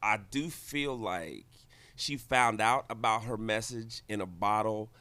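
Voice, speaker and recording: Male comic, high bright voice, slow and teasing, dry sound. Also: dry recording. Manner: teasing, laughs loudly. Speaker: comedian guest. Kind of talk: casual comedic banter.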